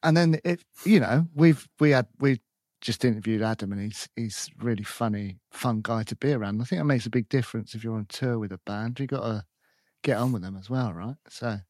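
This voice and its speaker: A man's voice: medium pitch, a little fast, a little mellow, no echo, studio quality. A man hosting a podcast, chatting enthusiastically in a casual, upbeat way. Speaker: podcast host. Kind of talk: casual chat.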